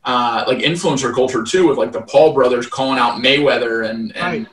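A man's voice: mid-range voice, normal speed, crowd noise. A man in his thirties, a guest telling stories in a casual interview, rambling with lots of fillers and restarts. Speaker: guest, fight event promoter. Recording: roomy, distant mic.

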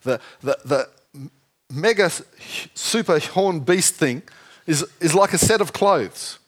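A man preaching a sermon, lively and jokey, often asking the congregation questions. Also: a little high, takes it slowly. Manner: lively, asks the audience questions, jokey asides.

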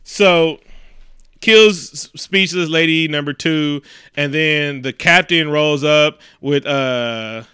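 Bright, animated, swearing man. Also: a little high, slow pace, clean tone, no room sound, clean studio sound. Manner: animated, swears heavily, acts out scenes. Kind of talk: casual profane movie recap.

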